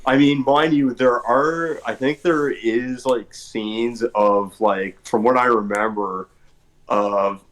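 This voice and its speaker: A man's voice: mid-range voice, steady tone, slow, rough recording. A man on a podcast panel, chatting casually and explaining at length in a rambling, meandering way. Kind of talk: casual chat.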